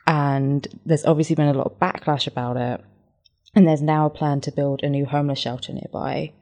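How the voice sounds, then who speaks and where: A young woman with an English accent talks in a low, deep register. She chats loosely on a podcast and swears freely. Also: flat delivery, brisk, warm tone. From England. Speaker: podcast co-host. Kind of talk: casual chat.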